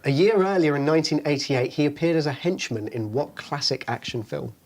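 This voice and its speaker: A man's voice: a little high, brisk, a little mellow. A man hosting a casual chat, quizzing his guest playfully and laughing along. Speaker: host.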